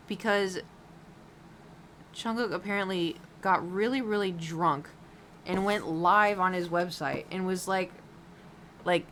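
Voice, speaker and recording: A woman's voice: lowish voice, a bit bright, a little hiss or hum. A woman streamer chatting casually while painting, rambling with lots of fillers and giggles.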